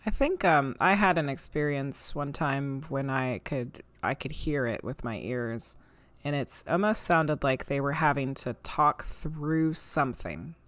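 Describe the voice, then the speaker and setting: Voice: mid-range voice, a little slow, a bit bright, no room sound. Attentive podcast host, dry close sound. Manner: attentive, frequent affirmations. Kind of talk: casual podcast chat.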